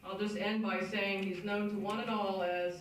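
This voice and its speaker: A woman hosts a hall of fame ceremony with casual, joking introductions. Her voice carries a booming hall echo and is picked up from well back in the room. Steady background noise sits under her. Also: normal speed. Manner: casual and joking, loose asides. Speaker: awards ceremony emcee. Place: banquet hall. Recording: echoey hall recorded from far off.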